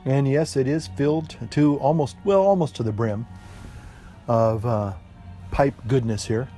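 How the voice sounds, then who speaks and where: A man's voice: medium pitch, a little slow, mellow. A man chatting casually to camera outdoors in the evening, smoking a pipe and rambling with many fillers and restarts. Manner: folksy, says "y'all". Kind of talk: relaxed casual chat to camera. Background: classical music playing faintly.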